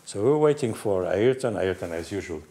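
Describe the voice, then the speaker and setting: Older Portuguese man, low voice, telling stories. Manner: animated, halting, with restarts and quoted voices. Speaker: guest storyteller, former racing team manager. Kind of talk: casual anecdote telling.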